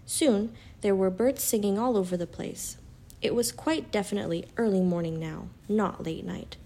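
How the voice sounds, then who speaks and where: Lady reading a kids' storybook aloud, calm and even, middle pitch. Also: moderate pace.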